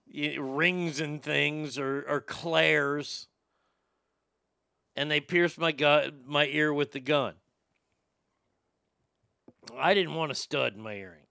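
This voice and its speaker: A man's voice: fairly high pitch, vocal fry, sharp tone, clear, resonant tone, no room sound, clean studio sound. A man from Texas, a talk show host, telling a story in a blunt, profane, laid-back way. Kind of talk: casual storytelling chat.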